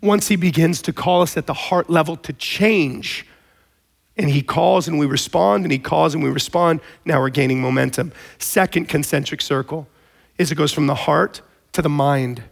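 A man preaching a sermon in a conversational, storytelling way, with animated emphasis. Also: a little high, moderate pace, gravelly. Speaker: pastor.

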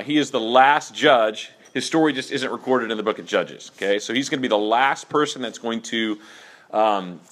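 A man leads a Bible lesson for a class in a bright, forceful voice. He talks casually and keeps checking in with his listeners, with plenty of fillers. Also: mid-range voice. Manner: conversational, many fillers and check-in okays. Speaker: Bible teacher.

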